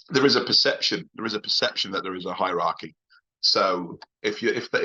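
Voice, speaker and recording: A Northern English man with a low, husky voice spins anecdotes as a podcast guest. He swears bluntly, laughs between points and stumbles into restarts. The recording sounds dull and lo-fi. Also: sharp tone. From England. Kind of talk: casual interview storytelling.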